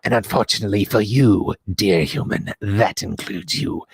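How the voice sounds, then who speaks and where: A man's voice: lowish voice, creaky, husky, no echo, voice pushed down. A man voicing a haughty, greedy female dragon in a tabletop game, speaking in a growly, grand and menacing way. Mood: coldly mocking. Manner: grand, slow, menacing speech.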